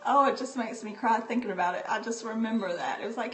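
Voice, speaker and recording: A woman's voice: a little high, a little hiss or hum. A woman from North Carolina chatting casually with livestream viewers from home on a handheld phone, often laughing as she talks. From North Carolina, USA. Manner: chatty and unhurried, laughs often while talking. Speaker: livestream host. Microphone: phone or tablet held by the speaker. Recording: roomy livestream phone audio.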